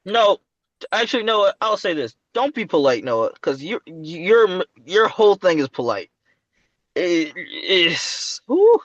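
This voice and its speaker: A man with a slightly high voice gives blunt dating advice, pressing his points and tripping over restarts. The recording is dull and lo-fi, dry and close. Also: big pitch swings, slow, a bit bright, no echo. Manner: emphatic, stumbling, addresses guest directly. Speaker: dating coach. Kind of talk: casual coaching chat.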